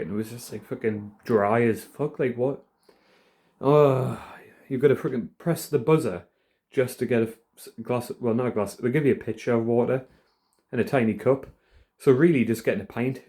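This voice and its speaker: Brief: young man, casual profane monologue, warm mellow tone, indoors at home. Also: medium pitch. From United Kingdom. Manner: rambling, profane, rough-edged. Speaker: vlogger.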